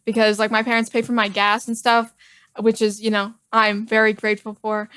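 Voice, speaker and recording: A woman's voice: fairly high pitch, completely flat delivery, fairly quick, fairly bright tone, clean tone, dry recording. A woman in her twenties, a podcast guest, telling a story in casual chat with a candid, wry manner. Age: 20s. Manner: candid, wry, acts out quotes.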